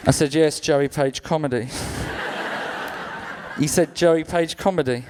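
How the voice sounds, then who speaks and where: A young man doing a stand-up comedy set on a club stage, telling stories deadpan and acting out other people's lines. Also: on the high side, crowd noise, noisy background. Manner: acts out others' lines in quick-switching voices.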